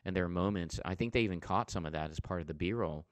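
Deep-voiced guy in an interview, earnest storytelling, lots of restarts, dry sound. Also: fast, dry recording. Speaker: interview guest, comedian and TV host. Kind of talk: casual interview talk.

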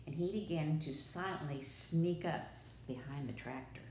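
A woman preschool teacher reading a storybook aloud with dramatic, expressive delivery. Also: deep voice, normal speed, slight background noise. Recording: echoey room.

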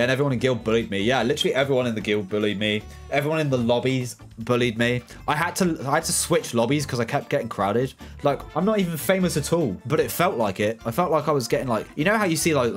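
A young man with a British accent chatting casually on a game livestream, rambling with restarts while he reads and answers chat. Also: medium pitch. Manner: laid-back, rambling with frequent restarts and fillers. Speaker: gaming streamer.

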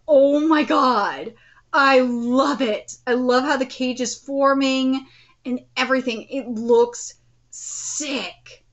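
A woman hosting a live anime reaction, outspoken and swearing freely, breaking into excited exclamations. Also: sits high, slow, dull audio.

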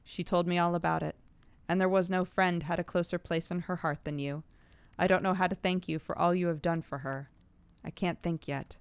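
A woman's voice: on the low side, steady tone, moderate pace, clean tone, dry recording, lightly acted. A woman voicing a grief-stricken young nobleman, earnest and pleading, in a read-aloud storybook. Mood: tender.

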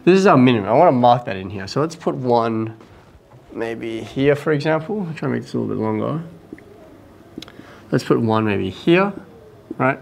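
A male math teacher with a slightly gravelly, fry-tinged voice works through a problem aloud, checking in with "right?" as he goes. A faint hum of room noise sits behind him. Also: mid-range voice, animated, moderate pace, pauses often. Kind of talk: casual lesson talk-through.

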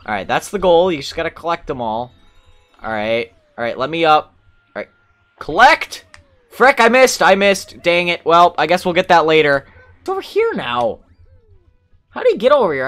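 A young man casually commentating his own video game playthrough, chatting to the characters and humming along. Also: fairly high pitch. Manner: excitable, talks to the game characters, hums along, mild cursing. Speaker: gameplay commentator. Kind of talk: casual let's-play commentary. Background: game music.

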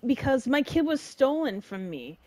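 Lively young woman, dramatic gaming commentary. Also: high voice, moderate pace, dry recording. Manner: emotional, reacts loudly and dramatically; casual slang. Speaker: gamer. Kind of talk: let's play commentary.

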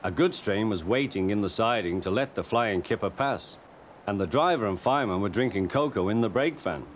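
A man's voice: on the low side, brisk, a little hiss or hum. A man with a British accent narrating a children's storybook cartoon expressively. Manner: lively and expressive.

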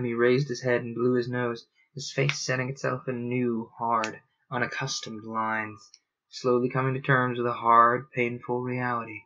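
A man reading a novel aloud on a stream, in steady, earnest storybook narration with dramatic pauses. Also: mid-range voice, dull audio.

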